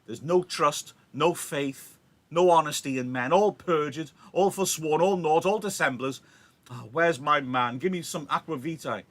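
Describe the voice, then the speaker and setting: A man's voice: fairly high pitch, measured pace, fairly bright tone, voice pushed up. A male teacher reading the part of a weary, scornful older woman servant in verse, with indignant theatrical delivery.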